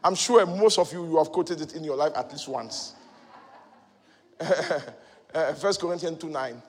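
A male preacher giving a sermon, moving between loud shouted exhortation and quiet teaching. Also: a little high, a little slow. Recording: long hall reverb.

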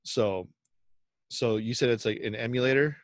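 Speaking at a medium pitch and a moderate pace, with no echo, a man co-hosts a podcast. His casual storytelling rambles along, heavy on fillers and acted-out quotes.

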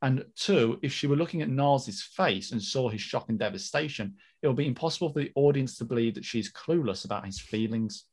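Lively man co-hosting a podcast. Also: medium pitch, fairly quick, few pauses, breathy edge. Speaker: podcast co-host. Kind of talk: casual chat, reading listener mail.

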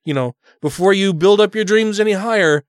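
Suffering from the hiccups, this podcast co-host laughs and swears a lot through blunt, sarcastic banter. He has a high voice and speaks fairly quickly, and the recording is dry and studio quality.

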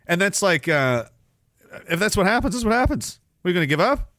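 A man's voice: high-pitched, sing-song, brisk, fairly bright tone, no room sound. Sarcastic, profane man ranting, dry sound. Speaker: podcast host. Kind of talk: ranting political commentary. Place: Canada.

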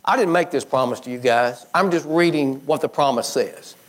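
At a normal speed, a man preaches in a folksy, conversational way and quotes scripture. He swings between high, emphatic bursts and low, quiet drops.

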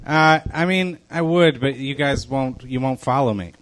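A man's voice: medium pitch, normal speed, a little hiss or hum. A man who is a guest on a live comedy show, rambling through offbeat jokes. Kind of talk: casual comedic banter.

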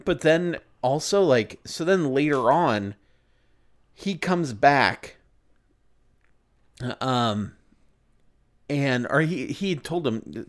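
A man's voice: mid-range voice, big pitch swings, takes it slowly, long pauses. Rambling man recapping a movie. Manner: rambling, recounts scenes with filler words. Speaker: podcast co-host. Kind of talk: casual movie review chat.

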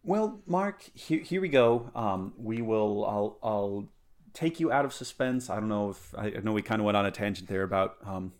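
A man's voice: on the low side, animated, moderate pace. A man hosting a podcast in casual chat, rambling and easygoing, often restarting sentences. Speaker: podcast host.

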